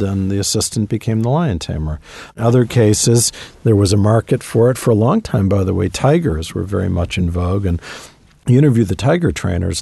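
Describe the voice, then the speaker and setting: A man telling stories in an interview, conversational with emphatic asides. His voice is very low and gravelly, dark and slightly husky. The sound is dry and close. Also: no room sound. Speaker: guest author. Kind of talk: interview storytelling.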